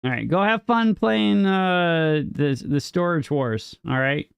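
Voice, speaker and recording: A man's voice: on the high side, takes it slowly, dry recording, studio quality. A young man live-streaming a game, chatting casually with his viewers and teasing them in a playful, mock-indignant way, his voice jumping up on questions. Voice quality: gravelly. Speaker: livestreamer. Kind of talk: casual live-stream chat, reading and answering chat.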